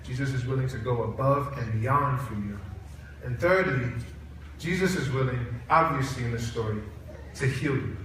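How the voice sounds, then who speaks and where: In a large chapel hall, a man gives a college chapel sermon, spinning animated stories and acting out their voices. His voice leans high, with a faint hiss or hum, and the echoey recording sounds distant.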